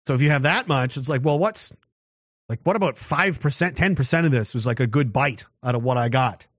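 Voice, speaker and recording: A man talking casually and giving his opinion, swinging into loud mocking voices. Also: mid-range voice, brisk, no room sound, dull audio. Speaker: commentator.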